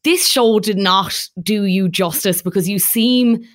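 A woman's voice: medium pitch, a little slow, no room sound, studio quality. A young woman, chatting on a podcast in an opinionated way. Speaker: podcast co-host. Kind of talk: casual chat.

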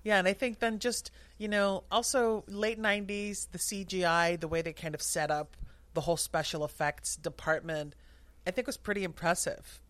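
A woman's voice: fairly low pitch, fairly even intonation, normal speed, a bit bright, dry recording. A woman guest on a podcast, chatting casually and agreeably. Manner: chatty, agreeable, lots of fillers and laughs. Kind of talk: casual chat.

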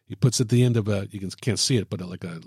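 A man with a low voice explains writing craft in a thoughtful, example-filled way. The sound is dry and close, with no room around it. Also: rapid-fire, a little mellow, slightly rough, no echo. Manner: thoughtful, illustrates points with examples and jokes. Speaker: writing teacher. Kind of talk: explaining on a podcast.

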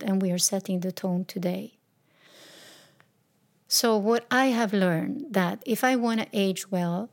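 Slow, reflective woman in her fifties. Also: mid-range voice, a little mellow. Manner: slow, reflective and openly emotional. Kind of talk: personal reflective talk.

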